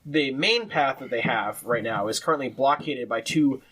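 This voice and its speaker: A man's voice: medium pitch, moderate pace, a bit bright, slightly rough, rough recording. A man running a tabletop game as game master, describing scenes loosely with lots of fillers and movie references. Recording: music bed behind voice. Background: music.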